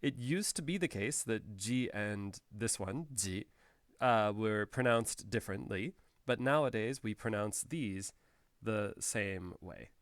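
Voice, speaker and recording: A man teaching Japanese in a relaxed, explanatory way, with frequent "uh" fillers and restarts. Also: fairly low pitch, slow, no room sound, studio quality. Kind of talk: recorded language lesson.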